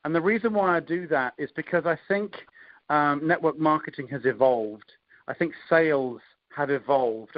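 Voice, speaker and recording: A man with an English accent coaching on a call, talking through sales invitation scripts in a relaxed, conversational way with frequent ums and restarts. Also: on the high side, no echo, lo-fi sound. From England. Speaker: network marketing coach.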